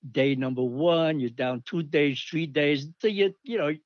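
An older man rambles through old army stories and animatedly acts out the people he quotes. His voice sits a touch high. The recording is dull and dry. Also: unhurried, no echo. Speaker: storyteller recalling army days. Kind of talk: casual anecdote.

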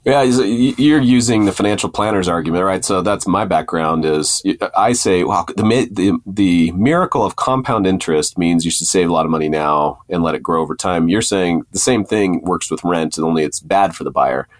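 A male podcast host who talks casually and thinks out loud through the numbers, often restarting his sentences. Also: sits low, moderate pace, hardly any pauses. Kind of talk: podcast interview, conversational.

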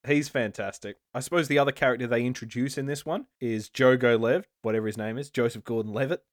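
A man's voice: medium pitch, fast talker, no room sound, clean studio sound. A man co-hosting a podcast, chatting casually and rattling off film trivia with the odd swear word. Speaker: podcast co-host. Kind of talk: casual chat.

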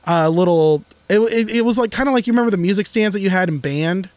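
A man co-hosting a podcast in casual chat, joking and excitable, talking in restless bursts. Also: high-pitched, fast talker, no room sound. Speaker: podcast co-host.

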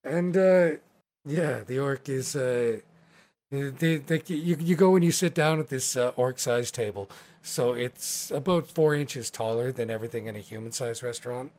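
A man's voice: mid-range voice, normal speed, darkish tone. Rambling man narrating a tabletop game. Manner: rambling, casual, filler-heavy. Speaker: game master.

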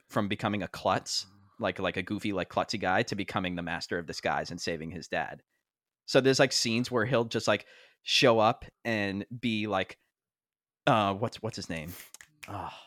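A man's voice: deep voice, moderate pace, a bit bright, no room sound, studio quality. A young man in his twenties co-hosting a podcast, telling stories in a rambling way, with lots of fillers and frequent laughs. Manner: rambling storyteller, heavy on fillers, laughs often. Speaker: podcast co-host. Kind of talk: casual chat.

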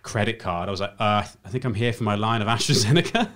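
A man chatting with quick, jokey interjections. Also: fairly low pitch, fairly bright tone, a little hiss or hum. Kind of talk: casual chat.

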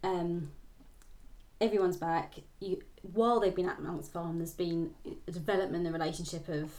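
A woman co-hosts a book podcast and summarizes the plot in a halting, agreeable way. She laughs easily, and her voice sits slightly low. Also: fairly even intonation, a little mellow. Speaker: podcast co-host. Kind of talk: casual book-club chat.

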